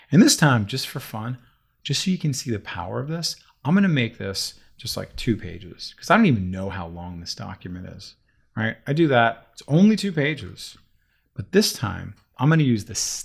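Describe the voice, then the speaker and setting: A man teaching software in a chatty, animated way, talking himself through each step of a screen-recorded tutorial. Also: fairly low pitch, vocal fry, husky.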